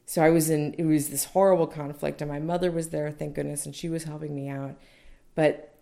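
Woman, young adult, low pitch, gravelly, mellow tone, candid personal storytelling. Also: level tone, brisk. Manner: candid, conversational, many fillers. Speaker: mother recounting childbirth.

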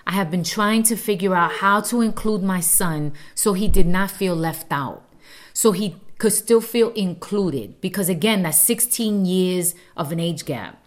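A woman's voice: on the low side, a little slow. Earnest woman telling a family story. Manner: earnest, heartfelt narration. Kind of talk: personal storytelling.

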